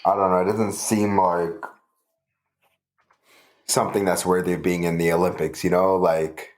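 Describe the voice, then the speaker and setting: Deep-voiced laid-back man. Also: flat delivery, moderate pace. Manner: laid-back, brief replies and backchannels. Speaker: podcast co-host. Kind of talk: casual chat.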